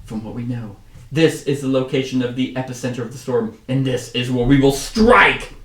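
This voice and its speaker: A man's voice: medium pitch, steady tone, a little fast, darkish tone, recorded from a distance, close to an everyday voice. A man voicing a stern female military commander, speaking in a commanding way with a put-on accent that keeps drifting. He is recorded in a roomy space, away from the mic.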